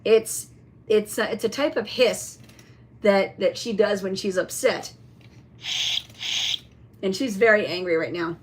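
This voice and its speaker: A woman in a casual show-and-tell vlog, chatting about a toy with many fillers and some throat-clearing. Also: mid-range voice, unhurried, long pauses. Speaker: vlogger showing a toy.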